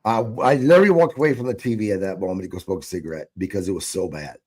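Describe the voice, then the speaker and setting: A man's voice: deep voice, very fast, darkish tone. Blunt, profane male podcast host. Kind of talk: casual podcast chat.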